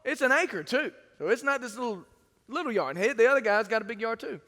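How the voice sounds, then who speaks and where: High, bright-voiced preacher in reverb. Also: male voice, fast talker. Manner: lively storytelling, acts out quoted voices. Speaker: pastor. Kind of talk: sermon with anecdotes. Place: church sanctuary. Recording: long church reverb.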